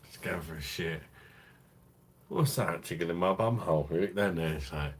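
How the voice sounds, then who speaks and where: Crude, low-voiced man chatting. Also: normal speed, a little hiss or hum. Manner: laughing, crude banter with chat. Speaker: live stream host. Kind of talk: casual live stream chat.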